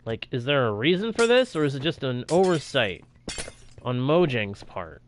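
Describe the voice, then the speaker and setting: A man's voice: medium pitch, very animated, moderate pace, slight background noise. A young man talking casually over his own gameplay as a streamer, reacting aloud to what happens on screen. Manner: chatty, reacts aloud while playing. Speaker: gaming streamer.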